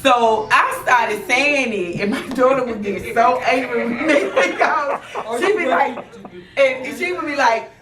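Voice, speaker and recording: A middle-aged woman with a fairly high voice tells a family story, laughing often as she goes. She sounds far from the mic in an echoey room, with a crowd talking behind her. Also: measured pace. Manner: animated, laughing while telling stories. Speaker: grandmother of the child. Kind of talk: casual storytelling.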